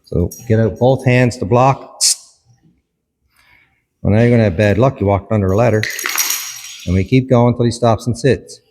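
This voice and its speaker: A man's voice: lowish voice, moderate pace, pauses often, warm tone, a little hiss or hum. Man coaching dog training in an echoey space. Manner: instructive, short commands to the dog. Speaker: dog behaviourist. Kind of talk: hands-on training demonstration.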